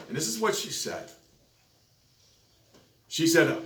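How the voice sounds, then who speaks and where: A man's voice: a little high, expressive, takes it slowly, pauses often, fairly bright tone. A man preaching a sermon, telling a story and building to emphatic peaks. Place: church sanctuary. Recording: echoey church, distant mic, faint noise.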